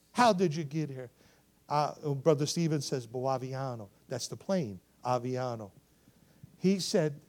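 A man delivers a sermon as a missionary, with a fairly high voice. He tells his story in bursts, getting loud at the high points and quiet at the tender ones, and often turns to the audience to ask if they remember. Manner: animated, swings from loud to hushed, asks the audience to remember. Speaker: missionary preacher. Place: church.

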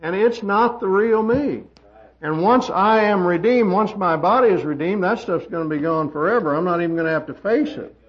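A man preaching a sermon, swinging from loud emphatic peaks down to quiet asides. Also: normal speed. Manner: emphatic, rising to loud high peaks then dropping quiet. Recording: dull lo-fi sermon recording.

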